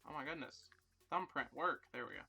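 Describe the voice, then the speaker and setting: A man's voice: on the high side, a little fast, vocal fry, pushed and bright, breathy edge, soft background music. A young man hosting a casual livestream, rambling and joking about himself as he chats with viewers. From Ireland. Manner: self-deprecating, rambling, jokey. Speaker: livestream host. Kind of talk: casual live chat with viewers.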